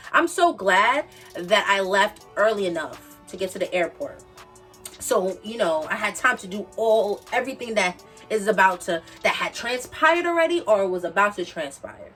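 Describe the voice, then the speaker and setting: A woman's voice: medium pitch, fairly bright tone, recorded from a distance. A woman, telling a casual storytime with emphatic, repetitive, slangy asides. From the Bronx, New York. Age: 20s. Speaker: vlogger.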